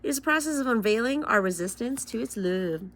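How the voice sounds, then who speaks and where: A woman's voice: a little high, expressive, brisk, a bit bright. Young woman, tarot reader, casual vlog, swears and laughs between solemn card readings.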